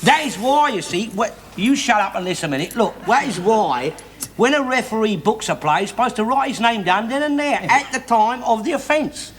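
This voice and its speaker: An actor playing a bigoted, blustering middle-aged working-class London man who argues and swears without pause, in a studio sitcom. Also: very high-pitched, animated, a bit bright, slight background noise. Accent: Cockney. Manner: blustering, argumentative, swears constantly. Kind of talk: 1960s-70s studio sitcom acting.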